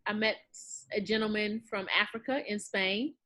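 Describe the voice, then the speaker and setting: A woman interview guest answering hesitantly, with pauses and light laughter. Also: mid-range voice, pushed and bright. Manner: hesitant, many fillers and restarts, laughs.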